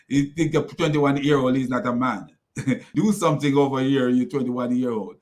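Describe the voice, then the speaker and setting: A man's voice: medium pitch, normal speed. A man hosting a ranting video commentary, mocking and repeating himself, often breaking into laughter. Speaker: commentary channel host.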